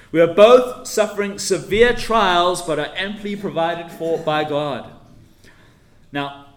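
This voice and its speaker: A man preaching an expository sermon, teacherly and emphatic, leaning hard on key words as he sets out his points. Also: fairly high pitch. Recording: echoey room with faint ambience.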